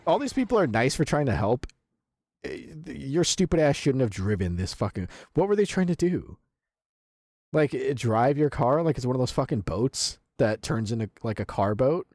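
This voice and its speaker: A man's voice: medium pitch, big pitch swings, normal speed, darkish tone, no room sound, studio quality. A man streaming live, reacting to videos with profane, incredulous commentary.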